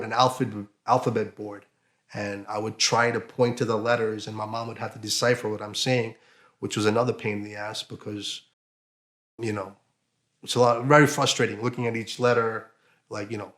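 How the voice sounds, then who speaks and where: A man with a fairly low voice tells his own story in an interview. His speech is halting and emotional, broken by fillers and restarts. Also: a bit bright. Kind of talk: emotional personal testimony.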